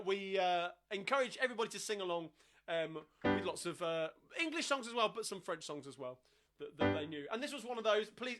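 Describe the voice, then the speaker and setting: A man hosting a live sing-along stream, chatting between songs in a rambling, filler-heavy way. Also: high-pitched. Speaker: sing-along host and pianist. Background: loud piano playing.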